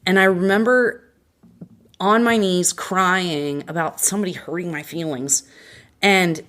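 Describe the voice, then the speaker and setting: Woman from Vermont, podcast guest, low voice, earnest, frank, emotional storytelling. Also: steady tone, unhurried, fairly bright tone. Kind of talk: candid personal storytelling.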